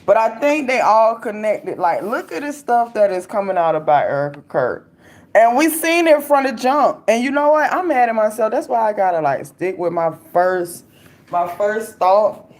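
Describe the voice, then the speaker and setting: A woman's voice: medium pitch, lively intonation, normal speed, a little mellow. A young adult woman hosting a casual commentary chat, loose and talkative, laughing often and speaking with slang. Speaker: livestream host reading viewer comments.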